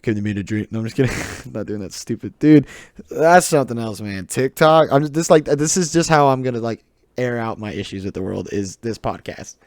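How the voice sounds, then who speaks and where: A man's voice: medium pitch, expressive, brisk, a little mellow, no room sound. A teenage boy with a Southern US accent, rambling through a solo podcast, laughing often and poking fun at himself. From southern United States. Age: teens. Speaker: podcast host. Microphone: desk mic, close.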